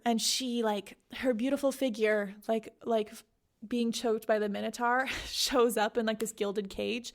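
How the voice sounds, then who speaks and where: A woman's voice: fairly high pitch, unhurried. A woman hosting a podcast, recapping a book in a casual, giggly way with lots of "like". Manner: chatty, giggly, heavy use of "like". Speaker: podcast host.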